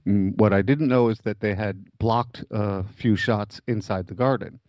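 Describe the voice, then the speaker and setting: A man's voice: fairly low pitch, measured pace, no room sound, highs cut off. A man chatting casually and telling stories, rambling with frequent restarts. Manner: rambling, lots of restarts, laughs at own jokes. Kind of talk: casual chat, storytelling.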